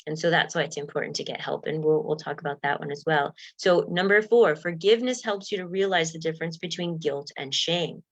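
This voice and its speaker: A woman's voice: deep voice, a little fast, hardly any pauses. A woman giving an earnest, emotional self-help talk, laughing often and acting out inner voices. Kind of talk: motivational talk.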